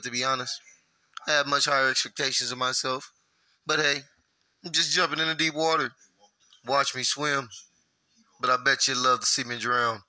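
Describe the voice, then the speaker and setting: A man's voice: medium pitch, bright, forceful tone, no room sound, rough recording. A man delivering a cocky, taunting podcast intro and swearing. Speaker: podcast host.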